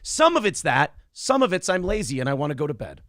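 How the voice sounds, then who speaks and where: A man hosting a casual morning show, talking in a profane, jokey and animated way. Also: fairly high pitch, fast, no echo, studio quality. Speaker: host. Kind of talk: casual podcast chat.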